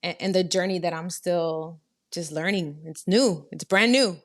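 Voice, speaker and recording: Woman, podcast guest, casual chat, earnest, rambling, slightly low. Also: a little slow. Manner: earnest, rambling, self-encouraging.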